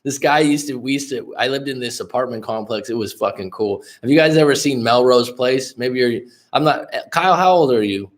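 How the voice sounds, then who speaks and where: A man's voice: mid-range voice, brisk, few pauses. A male life coach hosts a casual livestream. He rambles from one thought to the next, swears freely and often stops to speak straight to viewers in the chat. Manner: rambling, profane, addresses chat viewers directly.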